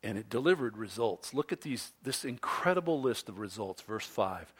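A man preaching a sermon, swinging from loud, emphatic stresses to soft, low asides. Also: big pitch swings, slightly rough. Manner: slow, deliberate delivery with pauses. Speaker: pastor.

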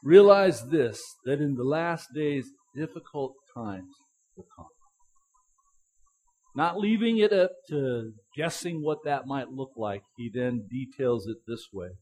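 A man's voice: mid-range voice, lively intonation, slow pace, darkish tone, husky, rough recording. A middle-aged male pastor giving a sermon, telling a story in a chatty way with chuckles and stressing each word in scripture lists.

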